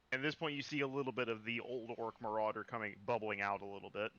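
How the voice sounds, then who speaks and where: A man playing a tabletop game who narrates his character's actions in a deadpan way. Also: fairly low pitch, fast, hardly any pauses, dull audio. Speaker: player.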